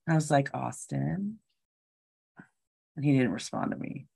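A woman's voice: rumbling low, animated, fast talker, creaky, warm tone, slightly rough. A woman telling a story in casual chat, acting out what people said and swearing freely.

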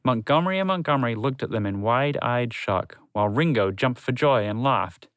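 Brief: male storyteller, even and gentle, close dry mic. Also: mid-range voice, normal speed, hardly any pauses, clean tone, no echo. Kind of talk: storybook narration.

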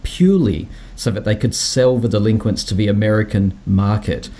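A man conducting an interview, who lays out background at length in a measured way before putting his question. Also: fairly low pitch, dark tone.

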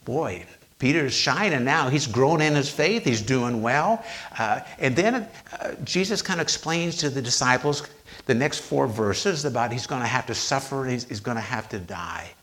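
A man preaching a sermon, retelling scripture with slow, emphatic pauses on quoted lines. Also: medium pitch, lively intonation, fairly bright tone.

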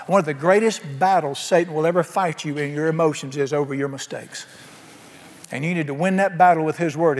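A man preaching a sermon emphatically, asking his congregation questions. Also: on the high side. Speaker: pastor. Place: church sanctuary. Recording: long hall reverb.

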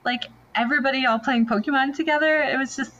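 A woman's voice: high-pitched, quick pace, fairly bright tone. Female guest, chatty and upbeat, lo-fi recording with faint hiss. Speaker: podcast guest. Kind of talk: casual interview chat. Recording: dull lo-fi audio with faint noise.

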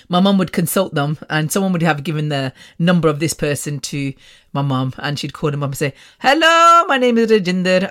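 A woman from England, hosting a podcast and telling personal stories in a frank, chatty way, often laughing. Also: lowish voice. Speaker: podcast host. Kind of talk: casual storytelling monologue. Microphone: podcast microphone.

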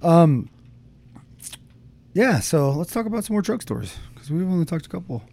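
A man's voice: fairly high pitch, very animated, normal speed, gravelly, a little mellow. A young man co-hosting a podcast, telling a long personal story in casual chat, rambling with fillers and frequent swearing. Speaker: podcast co-host.

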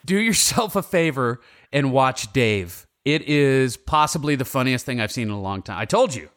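A man's voice: medium pitch, animated, moderate pace, fairly bright tone. A man co-hosting a casual podcast, reading out feel-good news stories in an upbeat way and laughing easily. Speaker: podcast co-host. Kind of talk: casual chat.

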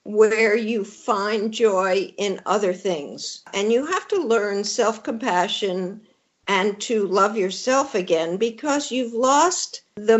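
An older widowed woman talking candidly with wry humor as an interview guest. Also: mid-range voice. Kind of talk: conversational interview. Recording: dull lo-fi audio.

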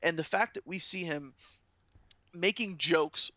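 A man chatting excitedly as a podcast co-host, rambling and enthusiastic. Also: a little high, a little slow, no room sound. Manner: excited, rambling fan talk. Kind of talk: casual chat.

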